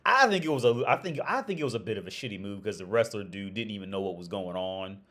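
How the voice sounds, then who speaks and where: A man's voice: on the low side, animated, fast talker, sharp tone. A man hosting a casual livestream chat, rambling and profane, with lots of restarts and frequent laughter. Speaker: livestream host.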